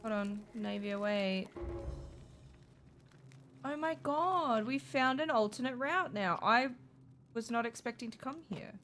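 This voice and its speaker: Jumpy high-voiced woman gamer. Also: expressive, measured pace, long pauses, a bit bright, faint music behind. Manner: jumpy, swears, shrieks and laughs at scares. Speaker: streamer playing a game. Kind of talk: live let's-play commentary.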